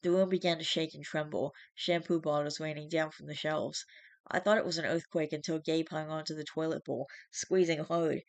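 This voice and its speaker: A streamer reading a first-person horror story aloud in steady narration, with small restarts. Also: medium pitch, normal speed, no echo.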